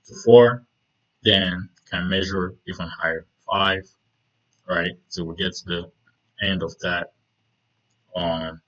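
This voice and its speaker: A man's voice: low-pitched, a bit bright, highs cut off. A man casually talking through trading charts, rambling with many fillers and "right?" checks. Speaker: trading video host.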